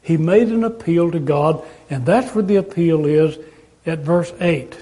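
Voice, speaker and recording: Guy preaching, kinda high voice, takes it slow, earnest and emphatic. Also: warm tone. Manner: earnest, emphatic with rhetorical questions. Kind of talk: sermon.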